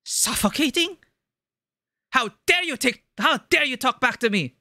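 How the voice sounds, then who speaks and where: A streamer putting on a scolding strict mother, high and indignant. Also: expressive, measured pace, pushed and bright, no room sound, studio quality, heavily acted. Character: controlling strict middle-aged mother.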